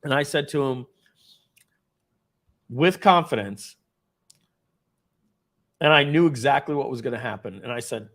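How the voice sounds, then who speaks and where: A man's voice: mid-range voice, a little slow, long pauses, fairly bright tone. A middle-aged man, a company founder, telling a dramatic personal story at a company event and acting out the scenes.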